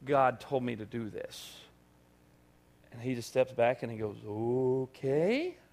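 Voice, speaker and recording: A male pastor preaching to his congregation, telling a story with lively, acted-out dialogue. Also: mid-range voice, takes it slowly. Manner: animated storytelling, acting out dialogue. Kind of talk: sermon. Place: church service.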